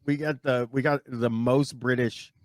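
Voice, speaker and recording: A man's voice: medium pitch, fairly even intonation, unhurried, no room sound. A man hosting a casual podcast in a mid-range voice. He rambles and pokes fun at himself. The sound is close and dry, with no room sound. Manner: rambling, self-mocking. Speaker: podcast host. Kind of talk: casual chat.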